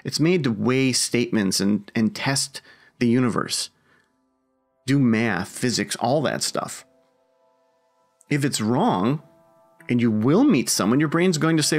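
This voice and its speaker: A man talks through his own self-help podcast in a wry, self-mocking tone. His voice has a gravelly, fry-heavy edge, and his pitch swoops widely as he teases the listener. He keeps it conversational and slips into put-on voices when he quotes others. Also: lively intonation, measured pace, long pauses, soft background music. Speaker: podcast host.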